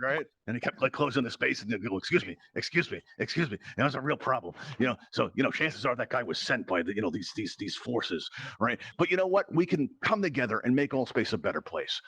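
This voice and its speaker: A man's voice: medium pitch, fairly bright tone, no room sound. Chatty, rambling man hosting a game show. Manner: chatty, rambling, jokey, lots of fillers and asides. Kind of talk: playful game show patter in virtual reality.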